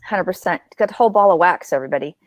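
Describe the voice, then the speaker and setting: A woman's voice: lowish voice, expressive, very fast, no room sound. A woman hosting an interview over a video call, speaking in an emphatic, plainspoken way. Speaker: association CEO and host. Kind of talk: casual interview chat.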